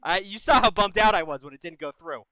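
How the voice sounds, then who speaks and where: A man's voice: sits high, lively intonation, quick pace, bright, forceful tone. A man hosting a call-in advice show, talking bluntly and casually with heavy swearing. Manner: profane, blunt, bro-ish. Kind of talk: casual advice chat with callers.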